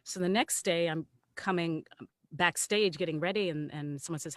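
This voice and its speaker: A woman with a lower-pitched voice shares stories as a guest on a video call. She talks animatedly, laughs often and keeps stopping to restart her sentences. The sound is close and dry. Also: moderate pace, dry recording. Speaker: actor and guest. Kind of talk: casual storytelling on an online salon.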